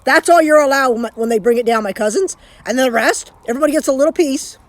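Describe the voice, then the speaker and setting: A Canadian woman with a slightly high voice chats on a live stream, rambling loosely and often restarting her thoughts. She talks straight into her phone from home. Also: fast talker, no room sound. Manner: rambling, chatty, with frequent restarts. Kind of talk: casual live-stream chat.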